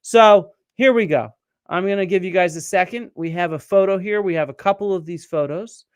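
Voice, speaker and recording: High-voiced man explaining to viewers. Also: moderate pace, clear, resonant tone, dry recording. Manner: explanatory, quizzes viewers and reads out their comments. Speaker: archaeologist host. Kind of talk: live-streamed lecture with audience questions.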